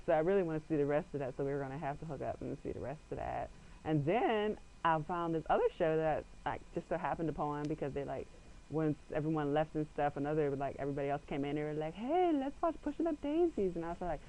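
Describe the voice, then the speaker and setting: A man's voice: fairly high pitch, quick pace, darkish tone, a little hiss or hum, low-quality recording. A young man chatting casually into a webcam at home, rambling and filling his talk with "like" while acting out little quotes. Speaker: vlogger.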